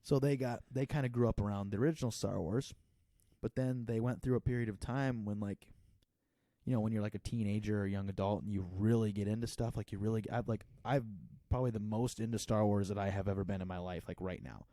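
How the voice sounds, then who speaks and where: Rambling young man, low mellow voice. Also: steady tone, quick pace, no room sound. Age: 20s. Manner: rambling, lots of filler words. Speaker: podcast co-host. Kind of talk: casual chat.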